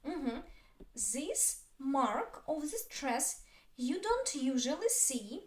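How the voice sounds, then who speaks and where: Slow, patient Russian-accented teacher woman. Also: a little high, roomy sound. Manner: slow, patient, repeats words for learners. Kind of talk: beginner language lesson.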